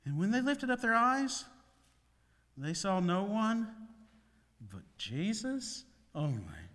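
A man delivers a sermon in a high, lively voice that swoops up and down with dramatic emphasis. He takes his time, letting each phrase land. The sound rings with the long reverb of a large hall. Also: a little slow. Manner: animated preaching with dramatic swings in pitch and loudness. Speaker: pastor.

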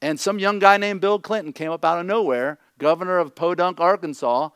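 A middle-aged male pastor delivers a conversational sermon in a fairly high voice. He is blunt and jokes freely. He keeps checking in with his listeners. The sound is dry and close. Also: fairly quick, a bit bright, clear, resonant tone, dry recording. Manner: blunt, joking asides, repeats "okay?".

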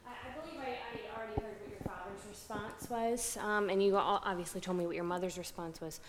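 A woman's voice: mid-range voice, fairly even intonation, brisk, a little hiss or hum. A woman in the audience politely asks the filmmaker a question at a Q&A. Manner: curious, polite. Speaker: audience member asking a question.

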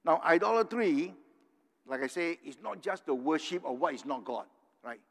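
A man's voice: fairly high pitch, expressive, moderate pace, creaky. An older man from Singapore preaching a sermon, earnest and tagging his points with "right?". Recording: long hall reverb.

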